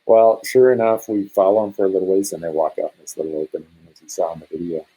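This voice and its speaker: A middle-aged man from Montana, a hunter guesting on a podcast, telling a story in an animated way and acting out what others said. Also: deep voice, fast talker, breathy edge, low-quality recording. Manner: animated, acts out quoted speech in a raised voice.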